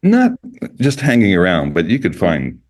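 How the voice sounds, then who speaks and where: A man in his sixties from the United States, a guest photojournalist telling animated, laughing anecdotes in casual conversation. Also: deep voice, normal speed. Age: 60s. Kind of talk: casual storytelling.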